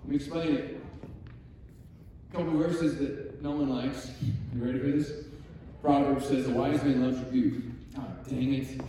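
Male preacher, animated storyteller, mellow voice, distant mic, echoey hall. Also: medium pitch, moderate pace, slight background noise. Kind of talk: sermon.

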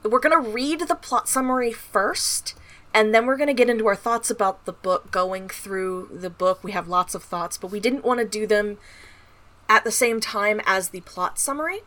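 A woman's voice: medium pitch, moderate pace, a bit bright. A woman co-hosting a casual podcast, blunt and swearing freely, laying out the episode format and correcting book details. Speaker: podcast co-host.

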